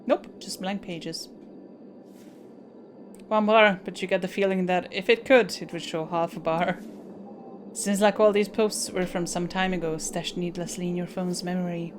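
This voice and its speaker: A woman's voice: lowish voice, fairly even intonation, a little hiss or hum. Woman reading game text aloud, swearing. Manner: reads on-screen text aloud, breaks off with blunt swearing and quick asides. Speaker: video game player.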